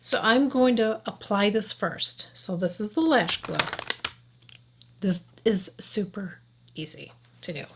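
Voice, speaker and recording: Her voice is medium-pitched, expressive, and slow as this beauty vlogger in her fifties applies makeup and walks viewers through each step. Frank and chatty, she keeps asking "okay?" and now and then slips into a whisper, with slight background noise present.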